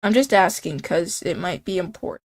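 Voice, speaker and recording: A young woman streams a game, chatting playfully with her viewers, joking and reacting to chat, and reading the on-screen text aloud. Her voice is on the low side and a little mellow, at a moderate pace.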